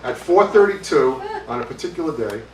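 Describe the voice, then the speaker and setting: A man's voice: mid-range voice, lively intonation, fairly quick, a little mellow, slight background noise, natural voice. A man voicing a spaced-out hippie bandleader who makes absurd demands with insistent matter-of-factness, while reading aloud at a bookstore. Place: bookstore reading, audience present. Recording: roomy, distant mic, faint ambience.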